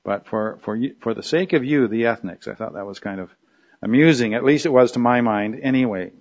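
A man's voice: mid-range voice, brisk. Man teaching a Bible study, lo-fi. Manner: conversational, explanatory, many fillers and restarts; uses a drawing tool on screen while teaching. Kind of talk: recorded Bible study lecture.

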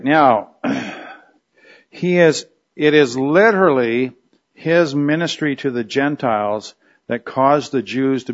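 A man's voice: medium pitch, highs cut off. A man teaching a Bible study lecture, explaining a passage in a conversational way with frequent fillers and restarts. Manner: uses a drawing tool on screen while teaching.

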